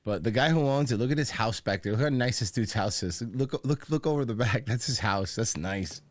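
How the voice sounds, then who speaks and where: A man hosting a podcast in casual chat, animated and joking, with crude language. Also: medium pitch, a little fast, dry recording, faint music behind. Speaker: podcast host.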